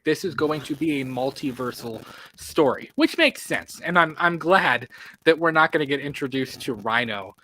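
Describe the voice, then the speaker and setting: Bright, dry-voiced man chatting movies. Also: medium pitch, dry recording. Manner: animated, filler-heavy, quick asides. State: has the hiccups. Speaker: podcast co-host. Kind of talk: casual movie podcast chat.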